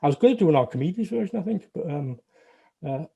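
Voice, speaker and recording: A middle-aged man with a Northern English accent reminisces in a loose, rambling way. His humour is wry and self-deprecating. His voice is dark and mellow with a husky edge, and it sits a little high for a man. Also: expressive, quick pace, muffled recording. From Northern England. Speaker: guest, former games programmer. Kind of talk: casual interview recollection.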